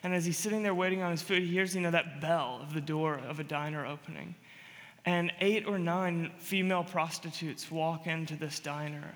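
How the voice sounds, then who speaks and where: A male pastor preaching a sermon and telling a story, moving between loud emphatic lines and quiet, hushed ones. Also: high voice, big-room sound.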